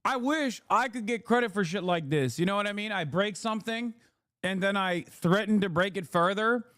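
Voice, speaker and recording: A man's voice: high voice, normal speed, a bit bright, dry recording, clean studio sound. A young man streaming, ranting casually with sarcastic, profane mockery.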